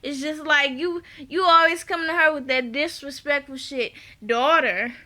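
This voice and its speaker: Woman, high pitch, bright tone, casual recap vlog, slangy, blunt, opinionated. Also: fairly even intonation, moderate pace. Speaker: TV show reviewer.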